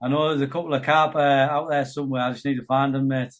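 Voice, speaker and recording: A man's voice: medium pitch, flat delivery, quick pace. A man, hosting a casual podcast chat and putting "would you rather" questions to his guest. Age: 30s. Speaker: podcast host.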